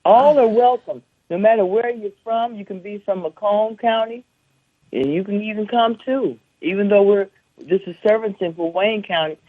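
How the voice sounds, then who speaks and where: A woman's voice: mid-range voice, moderate pace. Woman host on a tinny phone line. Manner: encouraging, inviting, steady. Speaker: community talk show host. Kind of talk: public service announcement chat.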